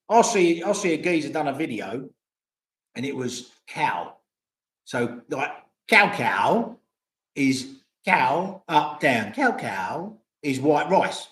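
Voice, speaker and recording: An older man, chatting casually and rambling to viewers on a livestream, swearing freely. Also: on the high side. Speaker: vlogger. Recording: roomy echo.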